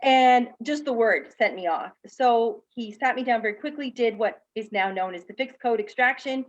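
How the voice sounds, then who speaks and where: A woman's voice: on the high side, normal speed, lo-fi sound. A woman on a video call, telling her personal story candidly and acting out the people in it, as a guest speaker and teacher. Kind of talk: personal story told in a panel talk.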